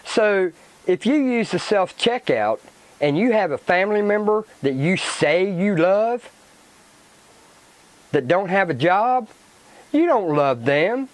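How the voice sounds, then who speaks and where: A man vents on his own channel, angry and swearing freely. He talks slowly, and his fairly high voice swings widely as his temper flares. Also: very animated, no echo, rough recording. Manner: swearing, agitated ranting with repetition. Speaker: channel host. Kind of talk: angry vlog rant.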